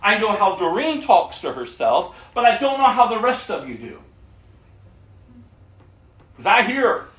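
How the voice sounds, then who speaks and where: A man's voice: high voice, big pitch swings, measured pace, pauses often, a bit bright, reverberant. A male pastor preaching a sermon, earnestly reading scripture aloud and chuckling often as he speaks.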